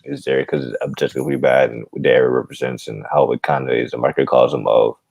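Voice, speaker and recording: Very deep gravelly-voiced man. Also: steady tone, fast talker, a little mellow, no echo. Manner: rambling, digressive. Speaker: podcast guest. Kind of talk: casual chat.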